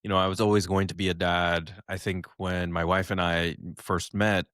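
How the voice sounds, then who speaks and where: A man's voice: sits low, level tone, normal speed, fairly bright tone, smooth, dry recording, clean studio sound. A man co-hosting a podcast, talking casually and hesitantly with many fillers. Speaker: podcast co-host. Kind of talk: casual chat.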